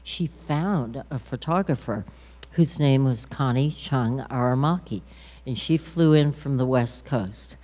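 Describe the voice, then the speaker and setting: An older woman telling a personal story at an unhurried pace, with many pauses and fillers. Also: rumbling low, mellow, in a large hall. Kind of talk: storytelling on a talk stage.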